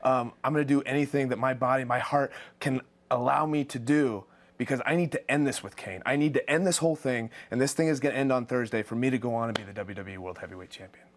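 A professional wrestler in an interview, talking in an earnest, emphatic way. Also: male voice, medium pitch, quick pace. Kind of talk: backstage interview.

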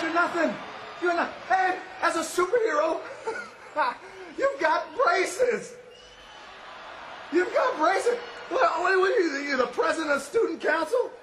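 A pro wrestler cutting a boastful, shouting arena promo and referring to himself in the third person. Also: male voice, very high-pitched. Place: large indoor arena. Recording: echoey arena with faint crowd noise.

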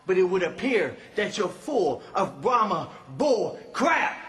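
Theatrical wrestler, high springy voice, teasing put-downs. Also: male voice, very animated, slow, fairly bright tone, slight background noise. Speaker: pro wrestler answering a rival. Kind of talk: arena wrestling promo.

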